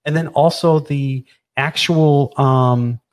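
A man casually explaining a technical process over drawings, animated and playful, often repeating words. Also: on the high side, slow. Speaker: presenter explaining equipment.

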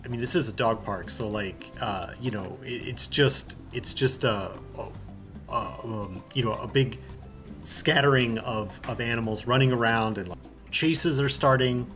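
Male game master narrating a tabletop game, halting delivery, soft music under. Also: mid-range voice. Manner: halting, searching for words.

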